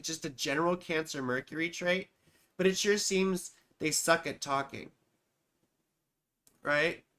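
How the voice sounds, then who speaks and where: Bright-voiced woman rambling on a livestream. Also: lowish voice. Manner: rambling, profane, self-mocking. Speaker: astrologer hosting live chart readings. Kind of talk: casual livestream chat.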